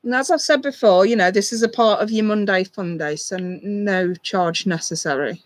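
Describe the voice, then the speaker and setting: A tarot reader doing a live stream talks gently and reassuringly to a viewer at a moderate pace and medium pitch. Frequent ums and restarts fill the dry recording.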